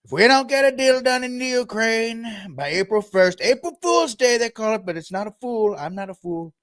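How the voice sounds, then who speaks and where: A man's voice: extremely high pitch, sing-song, moderate pace, a bit bright, pitched above the performer's own voice, exaggerated voice. A man putting on a blustering older male politician, making boastful, emphatic declarations. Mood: defiant.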